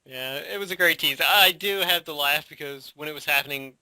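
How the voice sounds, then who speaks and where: A man's voice: a little high, a little fast, sharp tone, smooth, no echo. A man co-hosting a podcast in casual chat, laughing often and filling gaps with agreeing murmurs. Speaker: podcast co-host.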